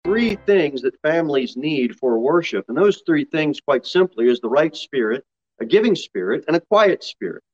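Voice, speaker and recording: Male pastor, lively pitch swings, folksy sermon delivery, muffled lo-fi recording. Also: moderate pace, faint music behind. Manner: folksy, laughing asides between scripture readings.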